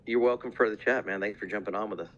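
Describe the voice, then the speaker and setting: A man's voice: lowish voice, fast talker, lo-fi sound. Laid-back man hosting an audio chat. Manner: relaxed, rambling with many fillers. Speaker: host of an online audio chat. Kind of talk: casual chat.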